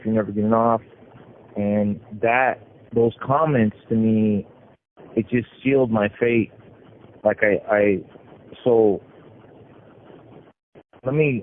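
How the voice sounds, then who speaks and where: Low, flat-voiced man on a tinny phone line. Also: a little hiss or hum. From California. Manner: halting, with frequent restarts and repeated words. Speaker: prison inmate telling his story. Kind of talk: personal story over a phone call. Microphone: prison telephone.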